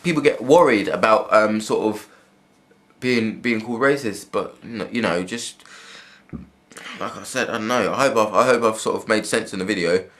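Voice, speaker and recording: A man's voice: lowish voice, moderate pace, fairly bright tone. A young man talks straight to camera in a loose, rambling vlog. He is blunt and swears a lot, restarting his sentences as he goes. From England. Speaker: vlogger. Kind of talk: casual spoken monologue.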